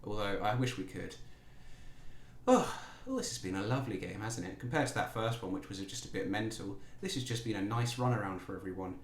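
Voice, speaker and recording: A man's voice: on the low side, animated, a little fast, a little hiss or hum. Jokey man commentating a game. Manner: jokey, playful, talks to his players. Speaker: gaming YouTuber. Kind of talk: casual let's-play commentary. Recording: roomy echo.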